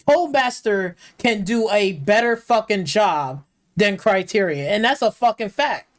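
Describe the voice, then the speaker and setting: A heated live-stream rant from a game streamer, swearing constantly and circling back over the same complaints. Mid-pitched and plainly spoken, they now and then slip into mocking put-on voices to parody bad dialogue. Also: animated, a little slow. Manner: profane, heated, repetitive. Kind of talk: ranting game review.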